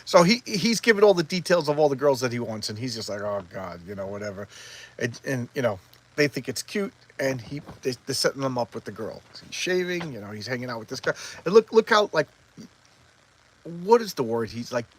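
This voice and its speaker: A man's voice: medium pitch, big pitch swings, a little fast. A man casually recapping a comic, rambling and acting out the characters' lines. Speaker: comic book reviewer.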